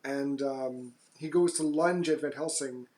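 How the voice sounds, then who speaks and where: A man co-hosting a podcast, recapping a movie plot in loose casual chat, with fillers and quick jokey asides. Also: medium pitch, darkish tone. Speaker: podcast co-host.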